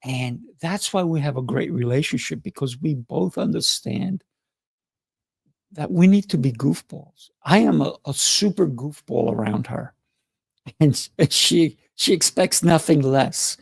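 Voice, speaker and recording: A middle-aged man hosting a motivational livestream, playful and excitable, often laughing as he talks. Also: on the high side, measured pace, gravelly, slightly rough, no room sound, studio quality. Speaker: livestream host.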